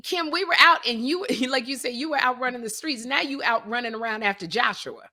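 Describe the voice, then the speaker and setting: A middle-aged woman co-hosting a comedy podcast, telling stories and acting out quotes loudly in casual chat. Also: a little high, a little fast. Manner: animated storyteller, acts out quotes loudly. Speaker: podcast co-host.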